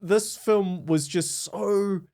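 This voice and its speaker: A man co-hosting a podcast in casual chat, animated and quick to laugh, often restarting his sentences. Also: high-pitched. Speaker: podcast co-host.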